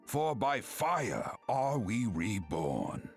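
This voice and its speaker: A man voicing a solemn male fire priest, intoning a prayer slowly and sonorously in a game cutscene. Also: mid-range voice, very animated, faint music behind, exaggerated voice.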